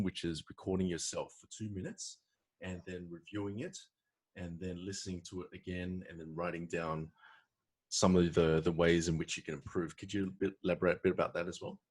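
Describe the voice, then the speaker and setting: Deep husky male podcast host. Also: darkish tone. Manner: conversational, encouraging questions. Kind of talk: podcast interview.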